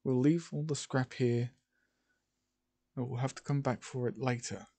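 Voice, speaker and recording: A man narrating an improvised fan story, halting often and correcting himself as he goes. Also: medium pitch, warm tone. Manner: halting, with many fillers and self-corrections.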